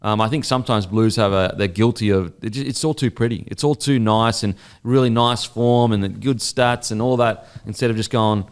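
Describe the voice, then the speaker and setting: A man's voice: fairly low pitch, moderate pace, hardly any pauses, clean tone. A man with an Australian accent co-hosting a sports podcast, talking bluntly and swearing often in casual chat. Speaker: podcast co-host.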